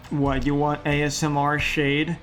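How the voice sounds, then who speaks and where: A man's voice: a little high, fairly bright tone. A man chatting casually with his live-stream chat, laid-back and swearing offhandedly.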